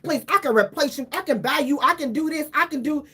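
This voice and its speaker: A woman's voice: high-pitched, fairly quick, background noise, close to an everyday voice. Woman mocking an arrogant rich man. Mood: brash. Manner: brash, dismissive.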